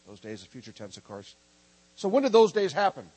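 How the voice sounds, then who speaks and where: A middle-aged man from Minnesota preaching a lively, humorous sermon and calling on the congregation to answer back. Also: high voice, brisk, no room sound, rough recording. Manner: animated, joking, calls for congregation response. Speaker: preacher teaching a prophetic ministry school.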